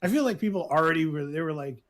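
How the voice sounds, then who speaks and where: This podcast co-host's voice is on the high side, animated, fast and fairly bright. He's chatting casually about shows he likes and recommending them. Filler words and laughs fill his rambling talk.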